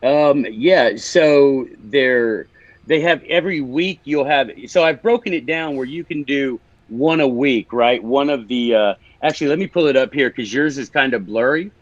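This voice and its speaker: A man's voice: medium pitch, moderate pace, no room sound, lo-fi sound. A man with a Memphis accent, a guest author explaining ideas in a casual interview, teaching and restarting as he talks.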